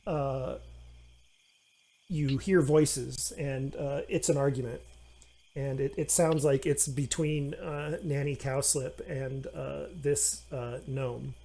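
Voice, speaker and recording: A man narrating a tabletop game as game master, halting with many fillers and restarts. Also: medium pitch, fairly even intonation, creaky, dark tone, a little hiss or hum.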